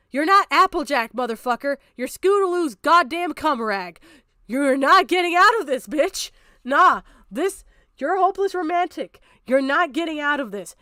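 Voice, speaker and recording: A woman's voice: high voice, sharp tone, dry recording, clean studio sound. A woman streamer giving blunt, profane commentary on a video, ranting and mocking as she talks.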